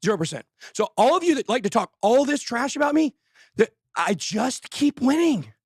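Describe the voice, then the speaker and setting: A man hosting a show, shouting angry, fired-up insults in a breathless rant. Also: extremely high pitch, sing-song, moderate pace, husky, no echo, clean studio sound. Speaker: host. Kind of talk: ranting livestream talk.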